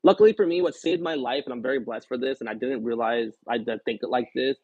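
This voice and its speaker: A man's voice: medium pitch, fast talker, a little mellow, slightly rough, dry recording. A man live streamer chatting casually, telling a personal story in a rambling, candid way with lots of fillers. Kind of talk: casual chat. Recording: tinny phone-like dry sound.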